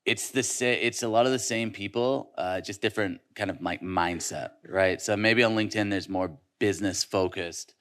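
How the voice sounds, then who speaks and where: A man's voice: on the low side, a bit bright. A man speaking casually on a conference panel, conversational, with frequent fillers and restarts. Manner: conversational, quick hooks, many fillers and restarts. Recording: live conference session.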